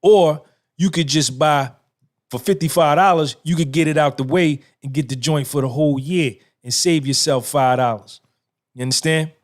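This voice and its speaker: A man, hosting his own podcast in a casual monologue, emphatic and repetitive, firing off rhetorical questions. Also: a little high. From New Jersey. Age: 50s. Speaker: podcast host.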